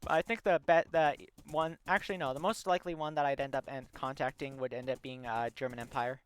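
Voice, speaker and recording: Rambling young man streaming, smooth voice. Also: medium pitch, steady tone, a little fast. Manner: rambling, filler-heavy storytelling. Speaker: gaming livestreamer. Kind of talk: casual live-stream chat.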